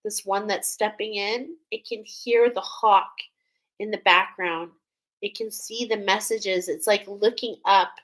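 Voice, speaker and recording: Tearful soft-spoken woman reading oracle cards. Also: medium pitch, poor audio. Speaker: oracle card reader. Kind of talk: spiritual card reading vlog.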